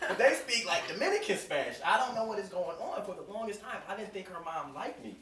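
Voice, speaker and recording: A man in his thirties doing an animated stand-up comedy set, telling a story and acting out the other people's voices. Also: sits high, fast talker. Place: comedy club stage. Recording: roomy club sound from far off with crowd laughter. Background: audience laughing.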